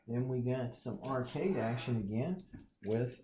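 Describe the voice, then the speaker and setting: A man with a Southern US accent casually shows off his comic collection, dropping folksy, joking asides along the way. His mid-range voice moves a little slowly, and there's background noise in the recording.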